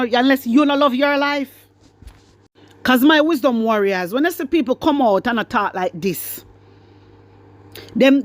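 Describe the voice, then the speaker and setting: A woman's voice: high voice, fairly bright tone, no room sound. A woman with a Jamaican accent, ranting to camera as a political vlogger, defiant and repetitive, switching between patois and English. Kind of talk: fiery rant to camera.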